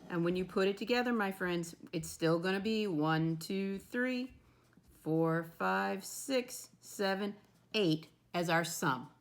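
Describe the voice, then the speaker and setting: A woman teaching a first-grade lesson from home, talking slowly and encouragingly in a sing-song way to young children she calls her friends. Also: medium pitch, echoey room, far from the mic.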